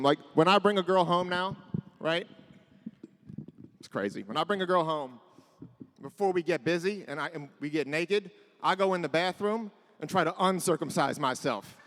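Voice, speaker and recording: A man's voice: fairly high pitch, a bit bright, big-room sound. A man in his thirties doing a self-deprecating stand-up set on a club stage. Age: 30s. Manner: self-deprecating, acts out his parents' voices. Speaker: stand-up comedian. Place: comedy club stage with a live audience.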